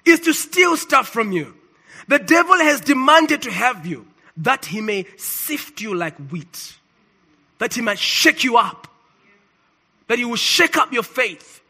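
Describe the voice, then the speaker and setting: A man preaching a sermon, emphatic and swinging between loud declarations and quiet asides. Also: very high voice, big pitch swings, slow.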